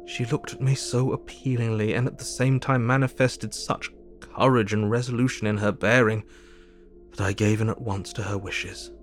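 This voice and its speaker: A man playing a grave, gentle Victorian doctor. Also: fairly low pitch, steady tone, soft background music, lightly acted. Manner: solemn, measured and tender. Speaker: narrator and character. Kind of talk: audio drama diary reading.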